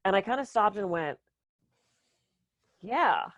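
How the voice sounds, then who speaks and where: A woman's voice: lowish voice, brisk, no echo. A woman co-hosting a podcast as a speaker and coach, telling candid stories about herself in a casual chat. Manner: candid, storytelling, self-deprecating.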